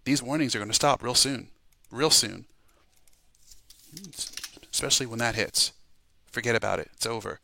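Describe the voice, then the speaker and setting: A man's voice: mid-range voice, moderate pace, vocal fry, long pauses, bright, forceful tone, slight background noise. A man preaching an urgent warning sermon, repeating himself and exhorting listeners to repent. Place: home, podcast voice message.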